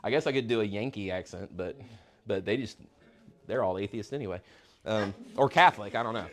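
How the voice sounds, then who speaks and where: Man, 50s, Bible class teacher; casual and halting, lots of repeats. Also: lowish voice. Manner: halting, repeats words and restarts often.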